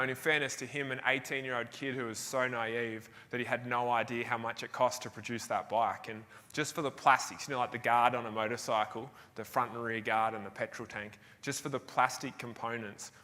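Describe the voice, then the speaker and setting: On stage in a large hall, a young Tasmanian keynote speaker shares a self-mocking anecdote as part of a motivational talk. His mid-range voice sounds bright and forceful, broken up by laughs between phrases, and the live room carries a long reverb.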